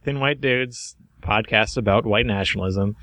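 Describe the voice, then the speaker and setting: A man co-hosting a comedy podcast in casual chat, dropping dry deadpan quips. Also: fairly low pitch, moderate pace. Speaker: podcast co-host and editor.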